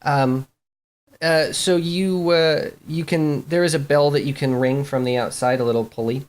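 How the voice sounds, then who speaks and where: Halting tabletop game master. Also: medium pitch, fairly even intonation. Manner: halting, full of fillers and restarts.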